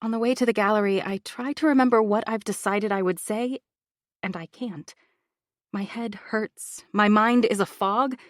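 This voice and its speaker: A woman narrating a first-person thriller audiobook with an expressive, emotional delivery. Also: medium pitch, no echo, clean studio sound.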